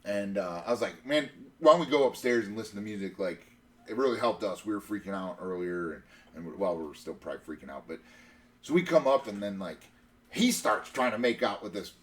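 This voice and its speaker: A man's voice: fairly low pitch, animated, fairly quick, fairly bright tone. A man in his thirties telling a long personal story in a casual, rambling way, full of fillers and restarts. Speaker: podcast host.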